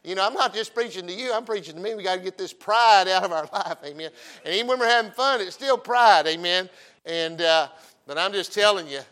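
A high-voiced, middle-aged pastor preaches briskly in a folksy, humorous manner. Loud emphasis gives way to quiet storytelling asides and back again.

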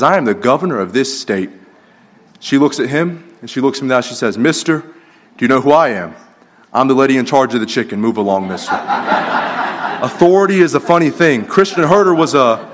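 Fast-talking man giving a sermon. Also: on the high side, a bit bright. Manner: conversational, with stories and hesitant restarts. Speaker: pastor.

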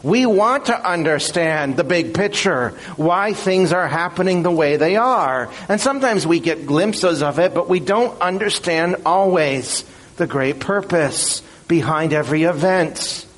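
A man preaching a sermon in an earnest, measured and emphatic way. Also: on the high side, expressive.

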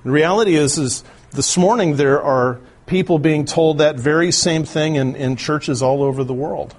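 A man's voice: fairly high pitch, moderate pace, breathy edge. A male pastor giving an earnest, explanatory sermon, often restarting his phrases. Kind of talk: expository sermon.

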